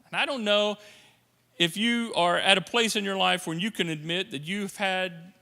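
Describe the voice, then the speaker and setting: A male pastor delivers a lively sermon, joking and swinging from hushed to loud. His voice is high and very bright. Long reverb from the sanctuary trails every phrase. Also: moderate pace, creaky. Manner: animated, joking, swings between soft and loud. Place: church sanctuary.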